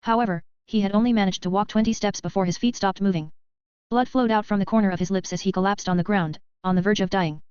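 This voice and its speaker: Fast-reading woman narrator, crisp and dry. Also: mid-range voice, darkish tone, no room sound. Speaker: audiobook narrator. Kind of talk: scripted narration. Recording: slightly dull, dry sound.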